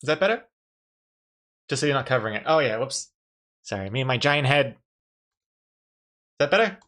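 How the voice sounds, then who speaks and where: A man's voice: medium pitch, expressive, brisk, a bit bright. A male streamer giving chatty live-stream commentary on a drawing game, reacting with frequent laughs.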